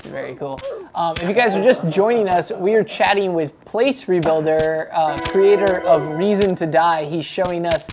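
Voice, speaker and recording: A man's voice: high voice, moderate pace, over music. A man hosting a livestream, chatty and upbeat, introducing the guest. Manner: upbeat, chatty, laughs easily. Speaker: show host. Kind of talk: casual livestream chat. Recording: faint background noise.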